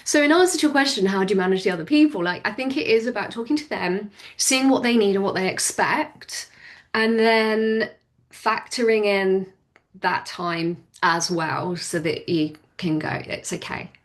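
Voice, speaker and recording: A woman's voice: mid-range voice, moderate pace. Chatty woman, laughing guest. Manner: chatty, laughs often, restarts sentences. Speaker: podcast guest, business owner. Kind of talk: casual interview chat.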